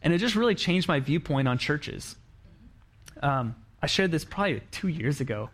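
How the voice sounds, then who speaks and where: A man's voice: fairly high pitch, animated, normal speed. A man giving a sermon as a pastor, talking conversationally and acting out quoted lines in the story he tells. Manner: conversational preaching, acts out quoted lines, frequent restarts.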